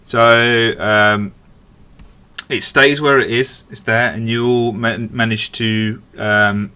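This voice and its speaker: A man's voice: mid-range voice, steady tone, slow, sharp tone, clear, resonant tone. A man narrating as dungeon master, hesitant and full of fillers. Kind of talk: narrating a tabletop game.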